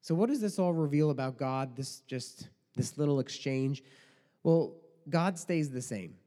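A man's voice: medium pitch, lively intonation, a little slow, mellow. Conversational man preaching in a reverberant hall. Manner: conversational preaching with rhetorical questions and mock quotes. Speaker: pastor. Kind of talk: sermon.

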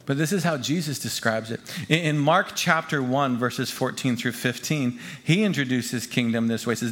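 A man preaching a sermon to his congregation as pastor. He talks emphatically, repeats key phrases and swings from hushed lines to loud ones. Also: mid-range voice, normal speed, hardly any pauses. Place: church gathering before a congregation.

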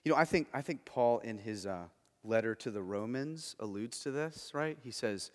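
A male pastor preaching a sermon, moving between hushed and emphatic delivery. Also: mid-range voice, expressive, normal speed, in a large hall.

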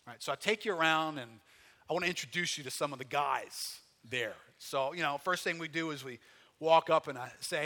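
A pastor preaching a folksy, conversational sermon, full of rhetorical questions and loud bursts of emphasis. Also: male voice, fairly high pitch, fairly quick. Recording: long hall reverb.

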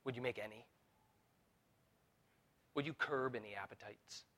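Bright, fervent male preacher. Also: mid-range voice. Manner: preaching with rising intensity, voicing Jesus in quotes; halting restarts and fillers. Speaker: pastor. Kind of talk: sermon.

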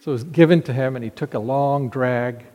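A middle-aged man preaching a sermon, reading scripture slowly and telling a childhood story in an earnest way. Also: mid-range voice, warm tone, big-room sound. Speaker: pastor.

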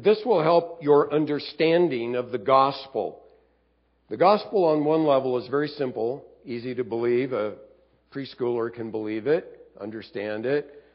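A man's voice: medium pitch, dull audio. A male pastor teaching a sermon, reading scripture aloud and explaining it verse by verse. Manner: teaching, reads scripture aloud and acts out grumbling voices. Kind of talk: expository sermon.

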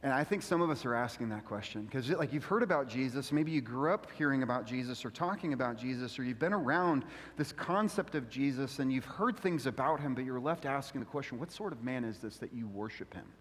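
A man pastor giving a casual, animated sermon full of slang. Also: medium pitch, a little fast, in a large hall.

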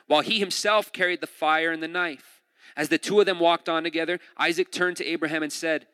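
A fairly high-voiced man preaches in a lively, chatty way, mixing scripture reading with jokes and asides. The mic picks him up dry and close, while a long hall reverb hangs behind him. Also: fairly quick, clear, resonant tone. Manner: lively, conversational, joking storytelling. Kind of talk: sermon.

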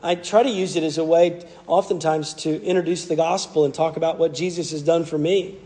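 A man's voice: fairly high pitch, steady tone, fairly quick, mellow, in a large hall. A man with a Southern US accent, preaching a sermon as a pastor in an earnest, conversational way.

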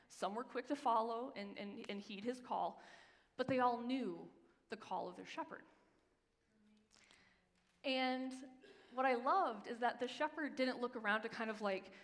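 Woman pastor, sermon, emphatic storyteller, higher voice, long hall reverb. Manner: storytelling, emphatic, slows for scripture readings. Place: church sanctuary.

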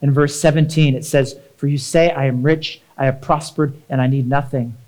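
A man in his thirties preaching a sermon in an energetic, conversational way, often checking in with "right?". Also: medium pitch, normal speed, low-quality recording. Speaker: pastor.

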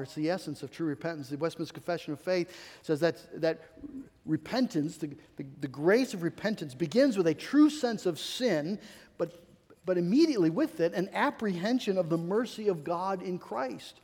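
A male pastor preaching a sermon, swinging between loud emphatic stretches and soft confiding asides, often repeating words as he restarts. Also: sits high, lively intonation, moderate pace, slightly rough. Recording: long hall reverb.

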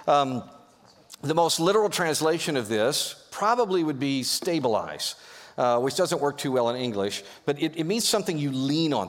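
A man preaching a sermon as pastor, lively and joking as he rallies his congregation in a church. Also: on the high side. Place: church sanctuary. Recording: echoey hall.

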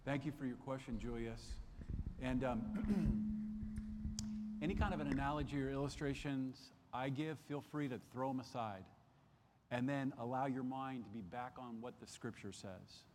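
A man's voice: mid-range voice, moderate pace, big-room sound, noisy background. A man teaching a Sunday school Bible lesson, earnest and repeating key phrases for emphasis. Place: church classroom.

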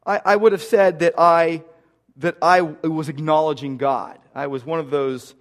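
High-voiced man preaching earnestly. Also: steady tone, a little slow. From United States. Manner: earnest, repeats key phrases for emphasis. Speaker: pastor. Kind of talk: sermon.

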